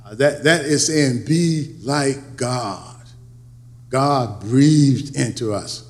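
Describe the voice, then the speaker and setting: A man preaching a sermon, building to emphatic peaks and then dropping low and quiet, often repeating words and restarting phrases. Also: extremely slow. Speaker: pastor.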